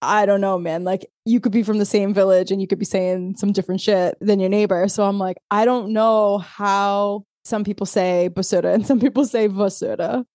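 A woman co-hosting a podcast in casual chat, telling a story with lively asides and acting out quoted exchanges. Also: medium pitch, moderate pace, few pauses, no echo, studio quality. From Azores. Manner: animated storyteller, laughs often, acts out quoted texts. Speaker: podcast co-host.

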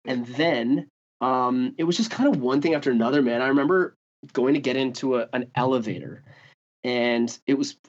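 A man, a guest musician spinning casual stories. He swears freely and leans on "like" and "dude". His voice sits in an ordinary mid pitch, and the recording sounds somewhat dull and lo-fi. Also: moderate pace. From Canada. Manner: loose and profane, heavy on "like" and "dude". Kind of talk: casual storytelling.

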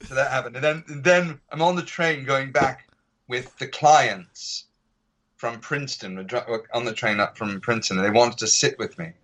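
Bright-voiced American actor telling stories. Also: male voice, mid-range voice, normal speed. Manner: chatty storyteller, acts out voices and accents in anecdotes. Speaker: actor guest. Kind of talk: casual podcast interview. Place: podcast recording.

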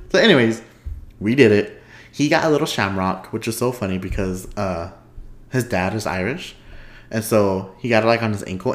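A man with a somewhat low voice talks loosely on his podcast, wandering off topic and breaking into laughter. He is recorded at home, and the room's echo hangs around his words. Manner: chatty, rambling, laughs often. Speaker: podcast host. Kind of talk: casual chat. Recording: echoey room.

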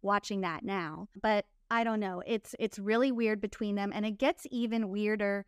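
A woman's voice: mid-range voice, fairly even intonation, normal speed, clean tone, no echo, clean studio sound. A young woman co-hosting a casual chat show, recapping a reality series and acting out the cast's lines. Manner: chatty, acts out cast members' lines. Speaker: podcast co-host.

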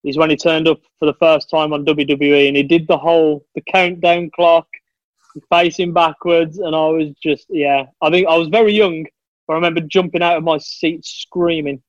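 A man's voice: a little high, fairly even intonation, normal speed, dry recording. Chatty man on a dull, dry line. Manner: chatty, enthusiastic storyteller, says "mate". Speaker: podcast guest. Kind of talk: casual chat.

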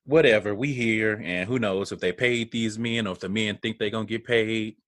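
A man's voice: on the low side, steady tone, moderate pace, fairly bright tone, no echo, clean studio sound. A man casually recapping a reality show with a co-host, blunt and profane, laughing often and acting out what people said. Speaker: podcast co-host.

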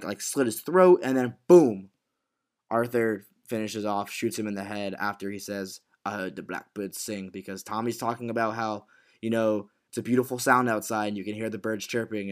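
A man co-hosting a casual podcast chat, animatedly retelling a TV episode with swearing and acted quotes. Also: mid-range voice. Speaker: podcast co-host.

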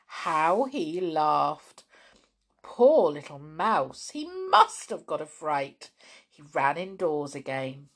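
Reading storybooks slowly in a deep voice, a woman hosts a podcast of children's stories. She's expressive and chatty, adding gentle asides as she goes.

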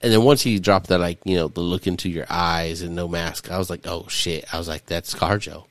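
A man's voice: low voice, fairly even intonation, a little fast, no echo. A man hosting a podcast, recapping a movie in casual, profane chat and laughing often. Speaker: podcast host. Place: studio.

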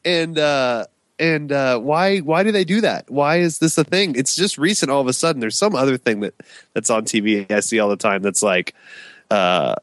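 A man from Dallas gives an animated, half-joking rant in a casual podcast chat. His voice is close and dry, with almost no room sound. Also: medium pitch, moderate pace, no echo. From Dallas, Texas. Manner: animated, mocking imitations. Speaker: podcast co-host.

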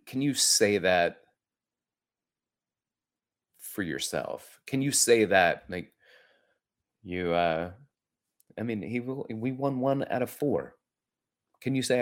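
A middle-aged man hosting a podcast, telling a personal story in an earnest, reflective way with frequent restarts. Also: sits low. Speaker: podcast host. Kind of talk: personal story and coaching talk.

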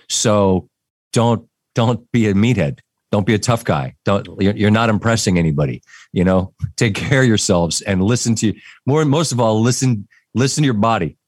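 Middle-aged male sports host, slightly low voice, earnest and direct, dry studio sound. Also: normal speed, darkish tone, no echo. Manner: earnest, direct, preachy in asides. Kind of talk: casual sports talk.

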